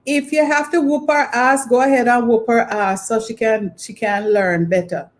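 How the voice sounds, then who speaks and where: A woman's voice: fairly high pitch, fairly even intonation, normal speed, lightly acted. A Jamaican woman voicing her strict mother, eagerly telling a teacher to discipline her child.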